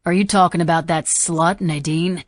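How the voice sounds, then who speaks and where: A woman's voice: lowish voice, fairly even intonation, moderate pace, dry recording, close to an everyday voice. A woman voicing a jittery, menacing young man in an audiobook, delivering sneering, foul-mouthed threats.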